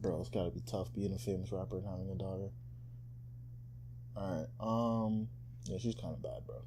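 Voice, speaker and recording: A young man co-hosting a podcast, joking and riffing in a mocking, animated way in casual chat. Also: sits low, moderate pace, slight background noise. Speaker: podcast co-host.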